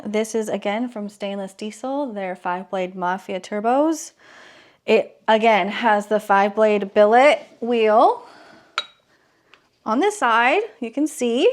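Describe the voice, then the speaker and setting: A woman speaks in a casual vlog, her voice pitched a little high and her delivery unhurried. She gushes with excitement and lets out nervous little exclamations as she goes. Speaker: vlogger. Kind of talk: casual unboxing vlog talk.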